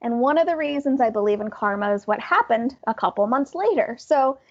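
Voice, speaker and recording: High-pitched woman podcast host telling a story, animated, kinda muffled audio. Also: a little fast, slightly rough. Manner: animated, laughing as she tells a story. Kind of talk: casual storytelling chat.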